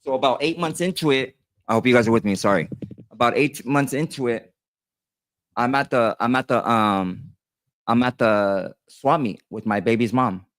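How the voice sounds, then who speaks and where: A man's voice: mid-range voice, normal speed, a bit bright, dry recording. Man rambling through a personal story. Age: 30s. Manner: rambling, many fillers and restarts, addresses viewers directly. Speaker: tattoo artist telling his story. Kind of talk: casual storytelling monologue.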